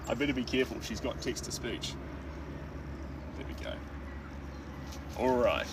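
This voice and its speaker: A man's voice: mid-range voice, slow pace, long pauses. A man with a New Zealand accent, chatting jokily with viewers while painting outdoors. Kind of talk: casual livestream chat. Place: outdoors in the wild. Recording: distant mic with outdoor noise.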